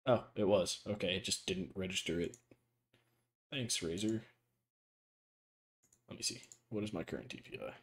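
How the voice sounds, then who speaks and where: Profane low-voiced podcast host. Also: male voice, moderate pace, vocal fry, long pauses. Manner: profane, animated storyteller. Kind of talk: casual gaming chat.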